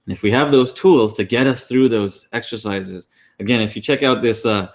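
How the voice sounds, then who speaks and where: A man with a fairly low voice and a moderate pace co-hosts an online class over a class call. His teaching talk is casual, full of fillers and restarts.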